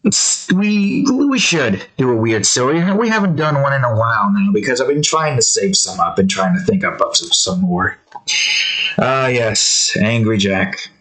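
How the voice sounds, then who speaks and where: A young man talks through his drawing session in a loose, rambling way, cracking jokes and swearing offhandedly. His delivery is slow and unhurried, sitting at an ordinary middle pitch. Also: lively intonation, pushed and bright, low-quality recording. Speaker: digital artist drawing on his channel. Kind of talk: casual rambling commentary while drawing.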